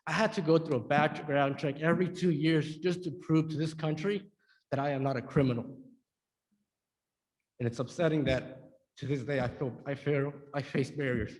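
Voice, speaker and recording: A young man from Georgia giving earnest, emotional testimony to a legislative committee, with halting repeats. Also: on the high side, fairly even intonation, darkish tone, in a large hall. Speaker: public witness. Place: hearing room.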